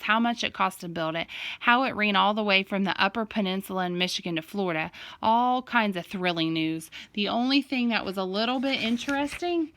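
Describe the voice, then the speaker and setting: A woman's voice: mid-range voice, a bit bright, no echo. Woman reading a story aloud, dry sound. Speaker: audiobook reader. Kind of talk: first-person novel narration read aloud.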